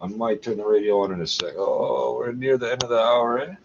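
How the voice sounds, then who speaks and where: Guy vlogging, rambling and cussing, mid-low voice, dull lo-fi audio with a noisy background. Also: steady tone, fairly quick, vocal fry. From Canada. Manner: rambling, profane, muttering asides ending in "eh?". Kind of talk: casual rambling monologue.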